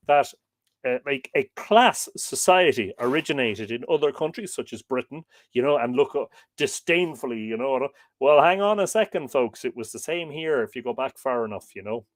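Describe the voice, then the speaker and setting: A man's voice: a little high, no echo. A man hosting a live stream, reading a history book aloud and chatting with viewers' comments in a rambling, chatty way. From Ireland. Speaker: livestream host.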